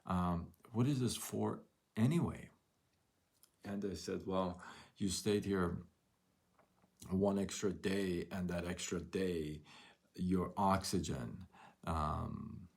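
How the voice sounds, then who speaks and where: A man's voice: deep voice, vocal fry. A man hosting a live motivational talk, telling a story and asking rhetorical questions. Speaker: host.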